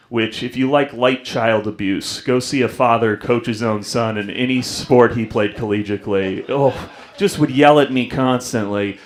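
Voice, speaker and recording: Young male stand-up, mid-pitch voice, self-mocking storyteller, club stage mic. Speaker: stand-up comedian. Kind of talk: stand-up comedy set.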